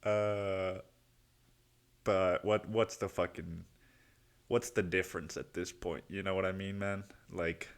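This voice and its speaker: A man's voice: low voice, fairly even intonation, moderate pace. A young man hosting a casual solo podcast, rambling and swearing freely, poking fun at himself and calling the listener "dude" and "man". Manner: rambling, profane, self-mocking, says "dude" and "man" a lot. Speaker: podcast host.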